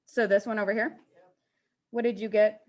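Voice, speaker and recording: A woman's voice: mid-range voice, flat delivery, normal speed. A woman teaching a math class to students in the room and online, playful and teasing with mock-dramatic outbursts.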